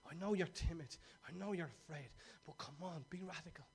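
A man voicing God as a gentle father, coaxing his timid listeners in a hushed, soft voice. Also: on the high side, a little fast, creaky, pitched below the performer's own voice.

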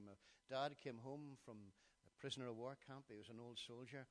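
A man in his sixties with a Northern Irish accent, preaching a sermon and moving between hushed storytelling and loud, emphatic preaching. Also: fairly high pitch, dry recording. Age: 60s.

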